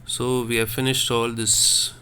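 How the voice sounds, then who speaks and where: A man teaching a French class online, explaining slowly and correcting himself as he repeats words. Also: mid-range voice, monotone, sharp tone, a little hiss or hum. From India. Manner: slow, repetitive explaining with self-corrections.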